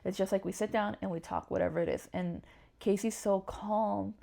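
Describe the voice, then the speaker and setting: A young woman speaks as an interview guest, her voice carrying a gravelly edge. She tells personal stories with animation and acts out the voices of the people in them. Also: medium pitch, fairly even intonation, moderate pace, mellow. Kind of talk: candid personal storytelling in an interview.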